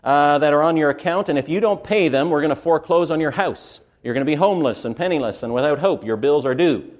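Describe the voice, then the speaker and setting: Guy doing a pushy banker, fast and insistent. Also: fairly high pitch, close to an everyday voice. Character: pushy male banker demanding overdue payments.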